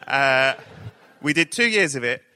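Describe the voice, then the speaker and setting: A man's voice: mid-range voice, lively intonation, measured pace, sharp tone. A man hosting a podcast live on stage in front of an audience, with playful, joking introductions. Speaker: podcast host. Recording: reverberant live theatre sound.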